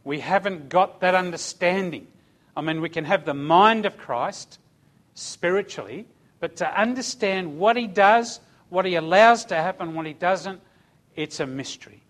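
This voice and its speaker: A middle-aged man, preaching a sermon and telling a personal story, dropping to a hush and then rising to loud cries. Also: high voice, moderate pace. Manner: storytelling, swinging from hushed to shouting. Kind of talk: sermon testimony.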